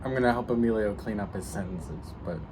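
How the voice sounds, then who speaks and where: A man's voice: on the low side, a little fast. A young man in casual banter, teasing his co-host with dry ribbing. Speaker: co-host of a script reading video. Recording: noticeable background noise.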